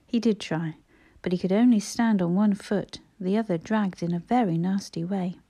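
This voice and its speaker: Brief: woman narrator, mellow and warm, measured audiobook reading. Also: medium pitch.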